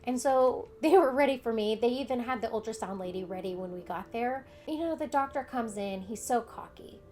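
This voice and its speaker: A woman's voice: on the high side, expressive, brisk, a little mellow, slight background noise. A young adult woman vlogger candidly telling a personal story in casual conversation, acting out what others said. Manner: candid, conversational, retells events with quoted dialogue.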